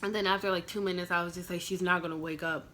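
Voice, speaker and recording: A woman's voice: on the low side, steady tone, fast, a bit bright, a little hiss or hum. A young woman vlogger telling a personal storytime in an emotional, casual way, full of "like" fillers. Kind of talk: storytime vlog.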